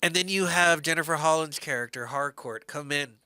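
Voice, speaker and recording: A man's voice: a little high, moderate pace, pushed and bright, smooth, no echo, clean studio sound. A man co-hosting a podcast, earnestly and animatedly recapping a TV show in casual chat. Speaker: podcast co-host.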